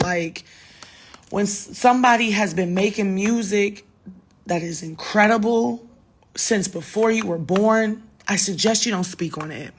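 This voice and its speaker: A tipsy woman in her thirties talks into her phone late at night, rambling and swearing with emphatic punch. Her pitch sits mid-range for a woman, loose and chatty. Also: a little slow, background noise. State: a little drunk. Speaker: singer livestreaming to fans. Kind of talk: casual late-night livestream chat. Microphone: phone livestream.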